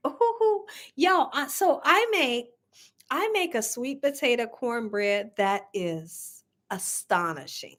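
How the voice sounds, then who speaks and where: A high, bright-voiced woman chats on a cooking livestream. Her pitch swings widely, and she laughs often, speaking to viewers as y'all. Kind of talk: casual live chat reading viewer comments.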